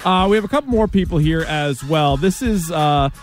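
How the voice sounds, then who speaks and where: A man hosting a talk show, chatting casually and getting excitable. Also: on the high side, moderate pace, soft background music. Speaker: radio show host. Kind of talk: casual chat.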